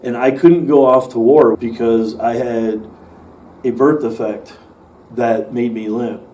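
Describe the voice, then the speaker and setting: A man's voice: mid-range voice, steady tone, slow, mellow. A man, an actor, telling stories about his work in a casual interview, rambling with fillers and restarts. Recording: distant mic with faint noise.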